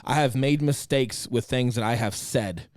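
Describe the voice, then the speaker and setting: Animated, profane American podcast host. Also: male voice, mid-range voice, normal speed, no room sound. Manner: animated, profane, acts out quoted friends. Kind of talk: casual chat.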